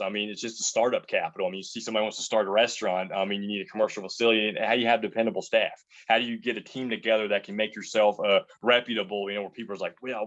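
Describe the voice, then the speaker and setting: A man's voice: lowish voice, fairly bright tone, dull audio. A man in an interview who rambles, restarts his sentences and tells anecdotes about working as a chef. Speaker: chef and entrepreneur. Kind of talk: casual interview answers.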